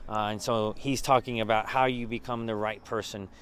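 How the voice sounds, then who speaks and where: A man's voice: fairly low pitch, fairly even intonation, normal speed, fairly bright tone, slight background noise. Casual man recapping a business event. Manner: casual, conversational, many fillers and restarts. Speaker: mastermind group leader. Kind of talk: behind-the-scenes recap.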